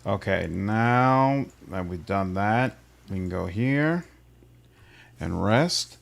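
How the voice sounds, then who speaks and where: A man casually chatting through a game livestream, answering his chat in a relaxed way. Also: lowish voice, slow pace, vocal fry. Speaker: streamer. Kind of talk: casual gameplay livestream commentary.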